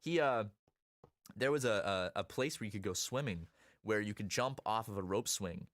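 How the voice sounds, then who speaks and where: A lower-voiced man tells stories in a casual chat, his pitch jumping up and down as he gets into them. The recording is close and dry. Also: normal speed, no echo. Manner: animated storyteller, lively swings in pitch. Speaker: co-host. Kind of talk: casual chat while gaming.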